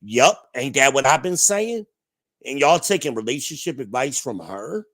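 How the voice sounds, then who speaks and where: A man's voice: medium pitch, expressive, moderate pace, fairly bright tone. A man from New Jersey hosting a livestream, ranting to his chat in a blunt, profane, combative way. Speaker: livestream host. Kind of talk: ranting live-chat commentary.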